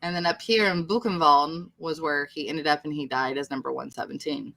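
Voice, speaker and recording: A woman's voice: sits low, fairly even intonation, brisk, vocal fry, sharp tone. A woman chatting casually on a livestream, rambling and poking fun at herself. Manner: rambling, chatty, self-deprecating. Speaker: livestream host.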